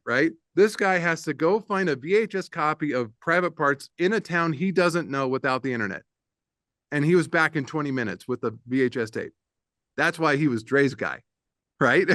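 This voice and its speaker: A middle-aged man, a guest producer and audio engineer, telling animated anecdotes in a casual interview and laughing often. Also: medium pitch, dry recording, clean studio sound. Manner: animated anecdote-teller, laughs often, slips into voices for others.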